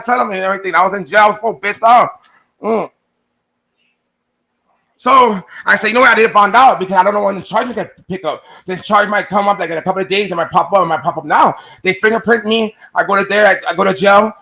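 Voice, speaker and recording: High, bright-voiced man telling a rambling story. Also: quick pace, gravelly. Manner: rambling, profane, acts out quoted exchanges. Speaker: streamer telling his story. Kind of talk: casual storytelling to camera.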